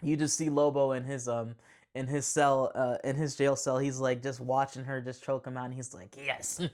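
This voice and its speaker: A man reviewing a movie in a loose, chatty way. He gets excited and rambles, restarts his sentences often and drops slangy asides along the way. His pitch sits in a middle range. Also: moderate pace. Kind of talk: casual spoken movie review.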